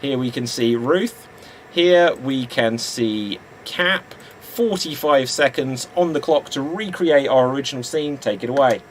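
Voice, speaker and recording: A man's voice: mid-range voice, measured pace, slight background noise. A man hosting a live-streamed improv show, announcing rounds and calling time through giggles.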